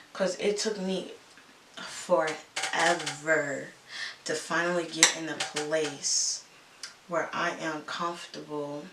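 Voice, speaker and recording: A woman vlogger chatting casually while getting ready, earnest and emphatic as she encourages her listeners. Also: fairly low pitch. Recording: echoey room, mic at a distance, faint hiss.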